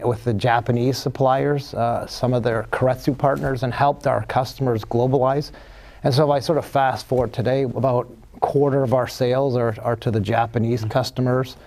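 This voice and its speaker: A man appearing as a studio guest executive, answering questions in a measured way with frequent fillers and restarts. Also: medium pitch, a little mellow. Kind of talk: business interview answers.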